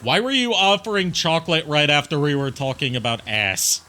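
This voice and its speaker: A stream guest with a fairly high voice chats casually on a game stream at normal speed. He rambles through his points, swears freely and laughs at his own jokes.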